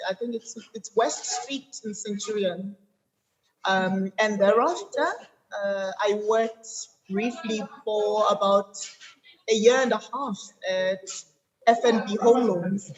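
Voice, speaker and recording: A South African woman in her thirties, an attorney being interviewed, telling her background in a measured, detailed way with frequent ums. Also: medium pitch, fairly even intonation, muffled recording. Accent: South African English. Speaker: guest. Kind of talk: interview conversation.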